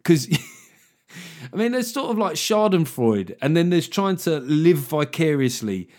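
A man's voice: fairly high pitch, big pitch swings, takes it slowly, darkish tone. Wry, rambling man. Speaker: podcast host. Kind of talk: solo comedy podcast monologue.

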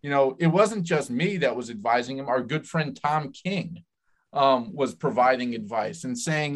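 A man who works as a political advisor, explaining in a measured way in a podcast conversation. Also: medium pitch, animated. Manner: measured, explanatory, with frequent restarts.

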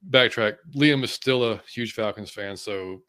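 A man's voice: fairly low pitch, unhurried, a bit bright, smooth, no room sound, studio quality. A man hosting a fan podcast, chatting casually and greeting viewers from the live chat by name. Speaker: podcast host. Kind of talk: casual sports talk, reading live chat.

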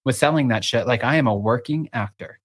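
A podcast co-host in casual chat, animated and gossipy, acting out what others said. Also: medium pitch, a little fast, husky. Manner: animated, gossipy, acts out quoted voices.

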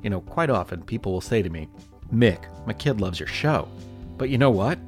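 A man's voice: lowish voice, lively intonation, moderate pace, soft background music. Playful man reading a podcast promo. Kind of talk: promo read.

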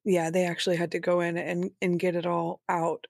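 A woman's voice: fairly low pitch, monotone, brisk, vocal fry, darkish tone, no echo, clean studio sound. A woman speaking as a guest on an interview podcast, recounting her experiences in a frank, conversational way. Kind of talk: interview storytelling.

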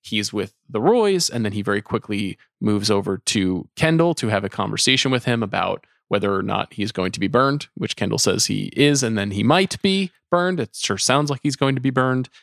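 A man's voice: lowish voice, expressive, normal speed, gravelly, hardly any pauses, a bit bright, dry recording. Wry man podcast co-host, dry sound. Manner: wry, thoughtful, jokey asides. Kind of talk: casual chat about a TV episode.

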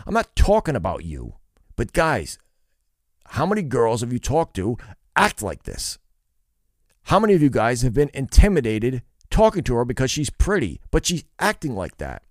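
A man's voice: mid-range voice, wildly swooping pitch, normal speed, no echo. Opinionated male commentator, lecturing and scornful, very dry booth sound. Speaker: commentator reacting to street interviews.

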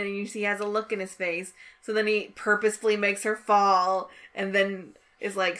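A woman in casual conversation, quietly retelling scenes with quoted lines. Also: medium pitch, level tone, brisk, hardly any pauses. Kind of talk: casual chat.

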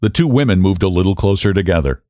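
A man narrating a story as an audiobook reader, measured and expressive. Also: deep voice, dry recording, clean studio sound. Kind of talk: scripted narration.

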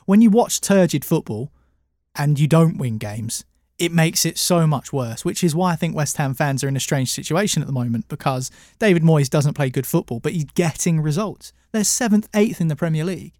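Guy with a higher voice debating football, dry close sound, keeps questioning things. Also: animated, moderate pace, darkish tone, no echo. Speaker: football podcast panelist.

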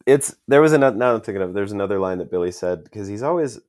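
A man's voice: on the low side, expressive, a little mellow, no echo, studio quality. A man co-hosting a casual podcast, rambling and slangy as he recaps scenes from a TV episode. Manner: rambling, fast, with slangy asides. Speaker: podcast co-host.

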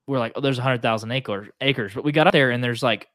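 A man with a Southern US accent, telling hunting stories in a relaxed, casual chat. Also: mid-range voice, fast talker, no echo. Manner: relaxed storyteller, frequent "like".

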